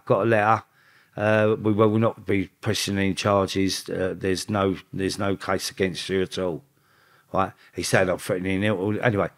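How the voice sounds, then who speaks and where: Casually spinning stories on a podcast, a male guest with a low voice curses freely. When he voices others' lines in quick back-and-forth, he gets lively and his pitch climbs.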